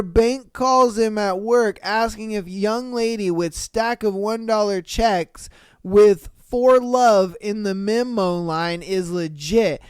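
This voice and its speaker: Animated, slangy podcast host. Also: medium pitch, smooth, no echo, clean studio sound. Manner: animated and slangy, laughs and swears often. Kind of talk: casual chat, reading comments aloud.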